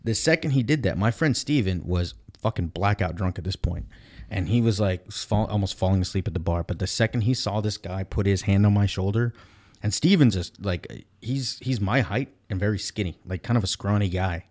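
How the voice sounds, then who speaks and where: Very deep-voiced man telling a story bluntly. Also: a little fast. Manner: blunt, swears freely, animated retelling. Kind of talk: casual chat, storytelling.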